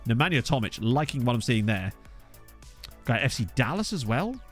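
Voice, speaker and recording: A man in casual let's-play commentary, chatty and self-mocking as he thinks out loud at a desk microphone. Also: medium pitch, sing-song, normal speed, soft background music. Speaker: gaming YouTuber. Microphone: USB desk microphone.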